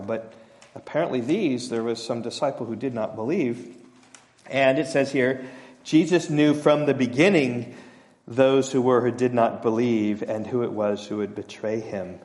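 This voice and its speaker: In a hall with long reverb, a middle-aged man preaches an expository sermon in an easygoing, conversational style, with self-mocking asides and dramatized quotations. His mid-range voice moves at a moderate pace.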